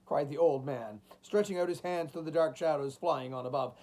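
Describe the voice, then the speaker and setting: A man reading a classic novel aloud, with an expressive, dramatic delivery. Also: a little high, moderate pace, few pauses. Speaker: audiobook reader.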